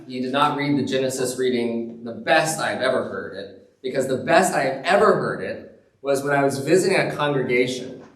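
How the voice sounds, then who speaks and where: Pastor preaching in an echoing church. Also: male voice, mid-range voice, normal speed. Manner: conversational storytelling with chuckles. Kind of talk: sermon. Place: church sanctuary. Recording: roomy church sound from a distance.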